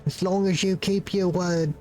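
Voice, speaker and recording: A man's voice: high voice, fairly even intonation, normal speed, a little mellow, soft background music, pitched above the performer's own voice, natural voice. A man voicing a terrified young male peasant rebel, speaking in a put-on British accent with urgent, pleading delivery. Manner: urgent, pleading, breathless storytelling.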